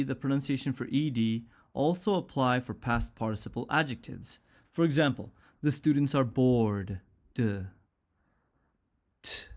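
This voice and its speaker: Slow, deliberate male English teacher. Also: mid-range voice. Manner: deliberate, spells out sounds and repeats example words. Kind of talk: slow, careful pronunciation lesson.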